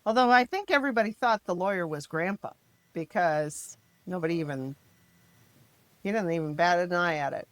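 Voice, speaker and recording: A middle-aged mother from the American Midwest telling her family's story in an interview, emphatic and frank, turning animated when she quotes others. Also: lowish voice, moderate pace, dry recording. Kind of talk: personal storytelling in a podcast interview.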